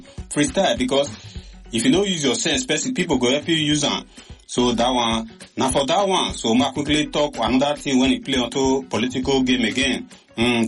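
A man's voice: medium pitch, a bit bright. A man with a Nigerian Pidgin accent hosting a show, giving chatty, exclamatory commentary. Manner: chatty, exclamatory, with many fillers. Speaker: radio or online show host.

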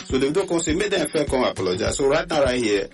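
A man with a Nigerian accent hosting a call-in radio chat show, talking in an animated, repetitive way and mixing pidgin with English. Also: medium pitch, quick pace, faint music behind.

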